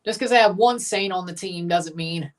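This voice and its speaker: A woman hosting a live game watchalong, giving chatty, blunt reaction commentary and bursting into excited cheers. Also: fairly low pitch, moderate pace, distant mic. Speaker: livestream watchalong host.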